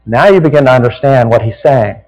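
A man's voice: medium pitch, a little fast, a little mellow, big-room sound, rough recording. A man with a Southern American accent preaching a sermon as a pastor, in a folksy, conversational way that keeps checking in with "right?".

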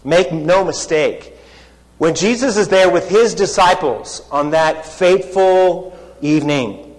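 A man preaching a sermon, unhurried, acting out quoted lines with rising emphasis. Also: sits high. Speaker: pastor. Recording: long hall reverb.

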